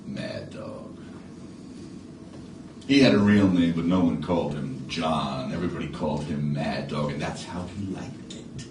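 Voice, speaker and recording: A middle-aged man from New York City telling a story theatrically on a live stage, dropping to hushed tones and rising to loud ones. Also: extremely low pitch, normal speed, few pauses. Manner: dramatic, animated, shifts between hushed and loud. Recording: echoey stage from far off with noise.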